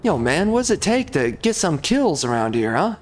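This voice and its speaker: A man's voice: on the high side, very animated, moderate pace. A young man commenting on his strategy game, grumbling and exasperated as things go wrong. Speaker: gameplay streamer. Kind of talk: frustrated gameplay commentary.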